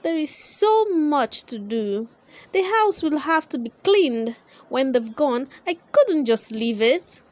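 A busy old village woman frets over chores, voiced by a woman reading a storybook. Her voice sits high and swings about as she fusses and questions, anxious and hurried in manner. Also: sing-song, a little mellow, no echo, heavily acted. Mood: fretful. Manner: fretful, flustered questioning.

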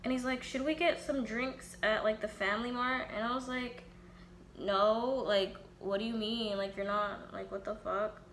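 On the high side and fairly bright, her voice keeps a fairly even intonation at a moderate pace. The young woman vlogger candidly tells a profane, casual storytime, voicing both sides of the conversation. The audio has roomy echo, faint ambience, and slight background noise.

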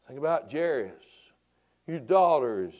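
A man preaching a sermon who swings from hushed tones to shouting and keeps repeating rhetorical questions in church. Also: mid-range voice, expressive, a little slow, lo-fi sound. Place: church sanctuary.

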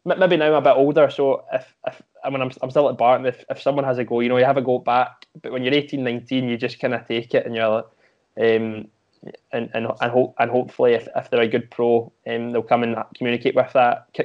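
A young man with a Scottish accent talks through his football days in a relaxed interview. His speech is halting, full of repeated words and fresh starts. The audio sounds slightly muffled, like a remote recording. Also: mid-range voice. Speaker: former footballer, podcast guest. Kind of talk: casual interview chat.

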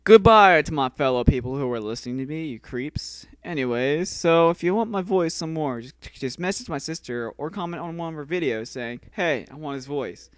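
A man's voice: fairly high pitch, animated, a little fast, hardly any pauses, clear, resonant tone, no echo. A man auditioning for voice work at home, goofing around between lines with playful sound effects. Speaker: voice actor auditioning. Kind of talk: casual banter, practicing lines.

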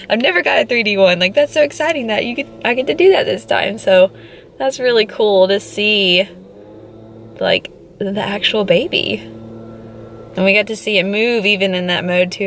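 A woman's voice: medium pitch, normal speed, fairly bright tone, slight background noise. A young woman giving a casual vlog update, emotional and teary but relieved, laughing now and then. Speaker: vlogger.

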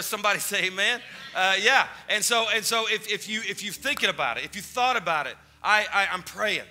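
A man's voice: high voice, fairly quick, few pauses, bright, forceful tone, soft background music. A man preaching as pastor to a congregation. He is fervent and urgent, and he repeats his phrases as he urges people forward. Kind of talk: sermon with altar call. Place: church sanctuary before a congregation.

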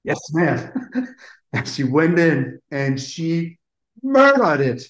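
Man, music producer, animated storyteller, swears casually, echoey room. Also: fairly high pitch, slow pace. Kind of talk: anecdotal interview storytelling.

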